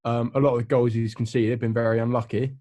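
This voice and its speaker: A man's voice: medium pitch, level tone, quick pace, mellow. Young man explaining football picks. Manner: earnest, explains at length with fillers. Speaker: co-host. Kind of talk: casual football chat.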